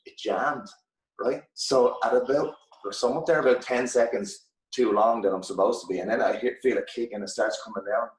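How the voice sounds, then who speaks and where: An Irish man in his thirties, a guest telling a loose, lively anecdote in casual chat, swearing now and then. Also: medium pitch, moderate pace. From Ireland. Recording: echoey room, mic at a distance.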